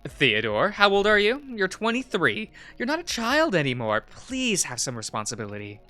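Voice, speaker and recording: A man's voice: high-pitched, wildly swooping pitch, normal speed, bright, forceful tone, soft background music, voice pushed up, exaggerated voice. A man voicing a nagging middle-aged mother who scolds her grown son in a visual novel. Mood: scolding. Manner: scolding, exasperated.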